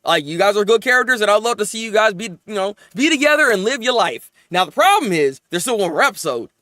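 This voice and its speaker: A man reviewing anime episodes in casual, animated chat, venting and rambling as he goes. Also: high voice, no room sound, clean studio sound. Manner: animated, rambling, quick to vent.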